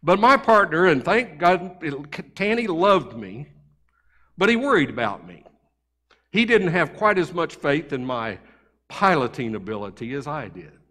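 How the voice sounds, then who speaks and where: Storytelling pastor, higher voice, church echo. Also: male voice, measured pace. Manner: conversational, animated anecdotes. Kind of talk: sermon storytelling. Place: church sanctuary.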